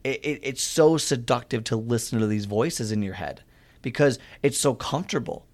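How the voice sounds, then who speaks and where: An earnest man gives a motivational talk about getting started with fitness. His voice sits in a middling pitch, and he talks in a conversational, storytelling way that speaks straight to the listener. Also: expressive, normal speed, darkish tone.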